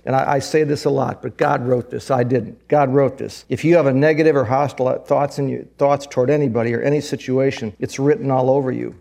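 Gravelly-voiced male pastor preaching. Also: medium pitch, fairly even intonation, fairly quick, hardly any pauses, a little mellow. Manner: earnest, conversational preaching with repetitions. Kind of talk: sermon.

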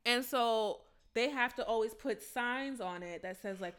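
A woman's voice: fairly high pitch, normal speed, a bit bright. A young woman telling a story in casual chat, blunt, profane and sassy.

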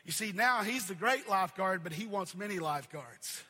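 Man, pastor, sermon, high voice, repeated cadences rising to shouts, long echo of a big hall. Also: lively intonation, normal speed, breathy edge. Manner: preaching in repeated cadences, swelling to shouts then dropping low. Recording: long reverb of a large hall.

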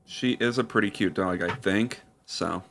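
Man, podcast co-host, relaxed, wry, on a video call. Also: low voice, moderate pace, slight background noise. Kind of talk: casual podcast chat.

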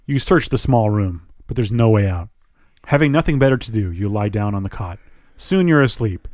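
A man's voice: fairly low pitch, animated, normal speed, a little mellow, dry recording, studio quality. A man reading a choose-your-path book aloud, dropping casual asides between passages. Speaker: reader.

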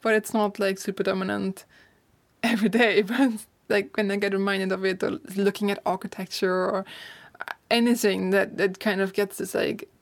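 German woman in her twenties or so, casual chat, slight vocal fry, laughs a lot. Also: mid-range voice, little pitch movement, moderate pace. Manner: chatty, laughs often, many "like" fillers. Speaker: guest, author and course teacher. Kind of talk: casual interview talk.

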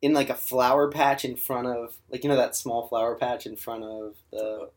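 A man's voice: medium pitch, flat delivery, normal speed. A young man in casual podcast chat, blunt and swearing freely as he tells a story.

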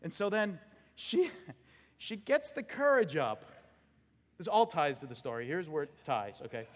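Male pastor, high and lively delivery, sermon anecdote, reverberant sanctuary. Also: a little slow. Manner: storytelling, animated, laughing at own anecdote. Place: church sanctuary. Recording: long hall reverb.

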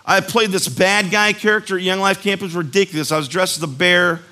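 A man giving a casual sermon as a youth speaker, telling animated stories with jokey asides. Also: sits high, brisk, soft background music. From West Virginia.

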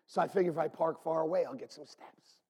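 A man preaching a sermon as pastor, animated and swinging from loud calls to hushed near-whispers. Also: fairly high pitch, quick pace, breathy edge, long reverb tail.

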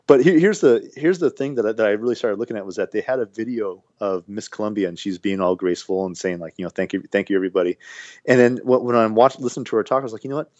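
Male podcast co-host, animated and rambling, dry dull lo-fi mic. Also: lowish voice, fast talker, hardly any pauses, no echo. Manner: rambling, animated, restarts often. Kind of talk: casual podcast banter.

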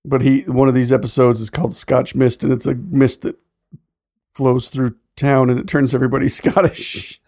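A man's voice: mid-range voice, little pitch movement, normal speed, darkish tone. A man co-hosting a casual podcast, chatting animatedly and laughing often as he tells stories. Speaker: podcast co-host.

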